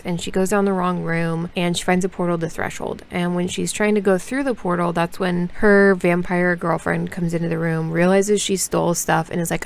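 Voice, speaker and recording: A woman in a casual reading vlog, rambling and frustrated, full of "like" fillers, sometimes breaking into loud, high exasperated outbursts. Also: creaky. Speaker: book vlogger.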